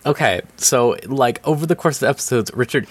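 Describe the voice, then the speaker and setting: A man's voice: mid-range voice, lively intonation, brisk, husky. A man in casual chat, animatedly retelling a show's plot and acting out the characters' lines. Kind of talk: casual chat recapping a show.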